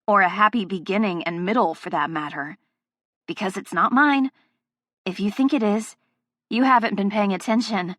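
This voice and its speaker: A woman's voice: medium pitch, moderate pace, a bit bright, dry recording, clean studio sound. A woman narrating a first-person audiobook, with a heated, emotionally charged delivery.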